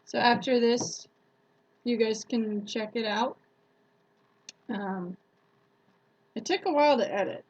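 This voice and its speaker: Woman streamer chatting, slow and higher-pitched, laughs a lot, dull lo-fi sound. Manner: chatty, laughs often, retells stories with acted quotes. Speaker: YouTuber hosting a live stream. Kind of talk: casual live-stream chat.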